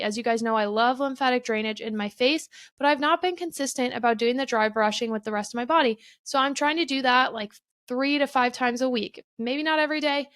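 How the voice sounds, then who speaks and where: Woman, young adult, podcast host, high voice, candid, swears casually, dry close recording. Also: fairly bright tone, no echo. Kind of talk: casual solo podcast monologue.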